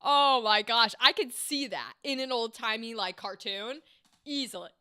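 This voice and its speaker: Bubbly high-voiced woman host. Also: animated, a little slow, pushed and bright, clean tone, no room sound, studio quality. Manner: enthusiastic, gushing praise. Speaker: livestream host reviewing voice auditions. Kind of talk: casual livestream commentary.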